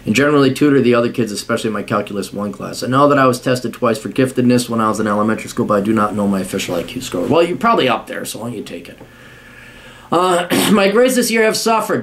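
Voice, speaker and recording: A man's voice: mid-range voice, animated, fast. A man reading a listener's letter aloud on his podcast and breaking off into angry, profane, scornful rants. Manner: scornful, swearing, shouting bursts.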